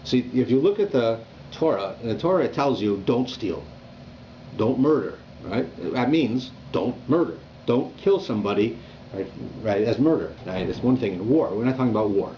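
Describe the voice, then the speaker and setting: A rabbi teaching a Torah class in a conversational, animated way, often checking in with "right?". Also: male voice, medium pitch, normal speed. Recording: dull lo-fi recording with faint room noise.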